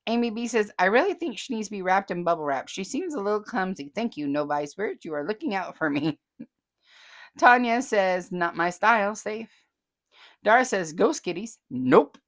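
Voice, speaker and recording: A woman's voice: medium pitch, animated, moderate pace. A chatty woman, hosting a casual vlog and reading viewer comments aloud with frequent laughter. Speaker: host.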